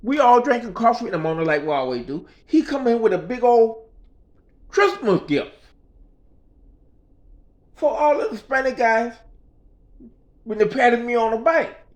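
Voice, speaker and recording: A man's voice: very high voice, expressive, a little slow, long pauses. A man telling a story in a casual rant, emphatic and profane, in street vernacular. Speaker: vlogger.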